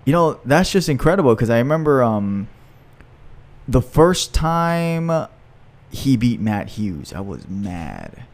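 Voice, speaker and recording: A man in casual podcast chat, recalling old memories in quick bursts and short reactions. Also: medium pitch, sing-song.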